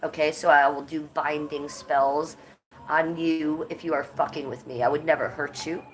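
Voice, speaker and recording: A woman's voice: deep voice, steady tone, normal speed, a little hiss or hum. A woman hosting a casual livestream, blunt and profane, her voice stuffed up from a cold, with coughs between her lines. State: congested and coughing. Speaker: livestream host.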